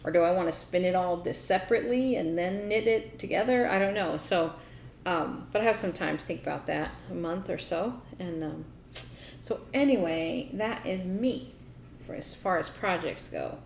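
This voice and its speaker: A woman's voice: lowish voice, normal speed, creaky, darkish tone. Woman, chatty crafting co-host, loose fillers, roomy echo, faint noise behind. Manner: chatty, laughs easily, lots of "you know". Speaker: podcast co-host. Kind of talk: casual crafting chat.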